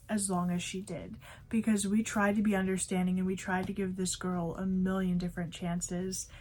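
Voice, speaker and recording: A young woman vlogger telling a storytime about a past job, chatty and full of fillers like "like" and "you know". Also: medium pitch. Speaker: fast food worker. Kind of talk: storytime vlog.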